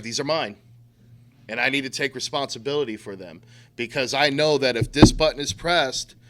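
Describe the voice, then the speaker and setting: A man's voice: medium pitch, a bit bright, a little hiss or hum. A middle-aged man giving a blunt, profane talk to a recovery group, using street slang and acting out quotes. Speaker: recovery speaker.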